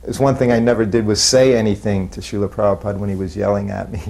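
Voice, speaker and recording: A man unhurriedly recalling his years as a disciple, self-deprecating and chuckling softly. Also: lowish voice, level tone, vocal fry. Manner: unhurried, self-deprecating storytelling with soft laughs. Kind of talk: spoken reminiscence.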